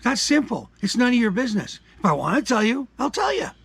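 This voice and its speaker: An older man from Canada ranting his opinions in a combative, profane way, dropping to mutters and rising to shouts. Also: very high-pitched, big pitch swings, fast talker, gravelly, breathy edge, no room sound. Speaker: commentary vlogger. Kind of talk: angry opinion rant.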